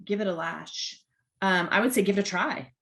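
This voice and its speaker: A woman's voice: medium pitch, normal speed, fairly bright tone. A woman co-hosting a podcast, chatting enthusiastically and guessing along with her partner. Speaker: podcast co-host. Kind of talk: casual chat.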